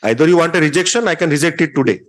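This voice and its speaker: Stern fast-talking Indian judge. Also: male voice, fairly high pitch, animated. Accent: Indian English. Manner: stern, lecturing, rebuking. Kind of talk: courtroom hearing. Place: courtroom.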